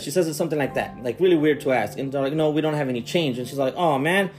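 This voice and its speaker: A man's voice: fairly high pitch, quick pace, soft background music. A man casually retelling a strange movie scene by scene, incredulous and swearing as he goes. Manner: animated, incredulous storytelling with swearing. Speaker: podcast co-host. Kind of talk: casual movie recap chat.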